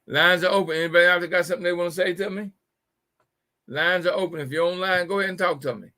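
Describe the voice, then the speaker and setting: A man's voice: sits high, fairly even intonation, fast, sharp tone. A middle-aged man hosting a live call-in show, telling jokes casually, repeating his punchlines and stumbling over words. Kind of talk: casual humorous talk.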